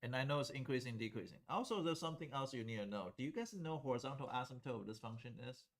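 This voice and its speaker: A man lecturing a calculus class in a relaxed, conversational way. He talks through each step at the board and keeps stopping to ask students whether it makes sense. His voice sits at an ordinary middle pitch. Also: fast talker. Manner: conversational, checks in with students often. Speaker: calculus teacher.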